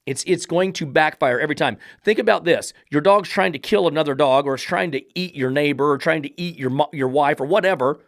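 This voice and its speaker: A man's voice: a little high, dry recording. Blunt, sarcastic man with a dry sound. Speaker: dog trainer hosting a podcast. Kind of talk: commentary reacting to a read-out text.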